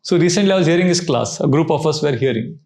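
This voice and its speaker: Man, scripture class lecture, lively storytelling, somewhat high pitch, roomy echo. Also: quick pace. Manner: animated storytelling, laughs often, mixes Hindi phrases. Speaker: spiritual teacher.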